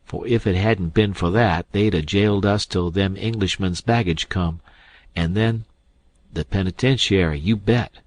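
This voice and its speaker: A man voicing a middle-aged male con man who scolds his partner loudly and sarcastically. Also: low-pitched, unhurried, dry recording. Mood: scolding.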